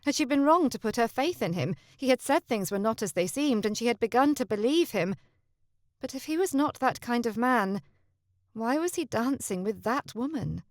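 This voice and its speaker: A woman's voice: on the high side, dry recording, studio quality. A woman narrating a historical romance audiobook, lifting her voice for the heroine.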